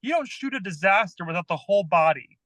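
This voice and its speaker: High bright guy picking apart a movie's budget, dry close sound. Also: lively intonation, fast, no room sound. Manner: chatty, opinionated about filmmaking. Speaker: podcast co-host, actor. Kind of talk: casual movie review chat.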